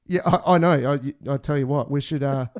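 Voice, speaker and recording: A man's voice: on the high side, a little fast, darkish tone. An Australian man hosting a podcast, chatting casually with crude, joking banter and plenty of swearing. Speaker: podcast host.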